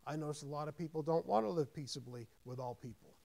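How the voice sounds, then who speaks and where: A man preaching as a pastor with a high, bright-edged voice, swelling into emphatic scripture readings and then easing into relaxed, conversational asides. He stumbles and repeats words when he thinks aloud, keeping the sermon informal. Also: quick pace, gravelly.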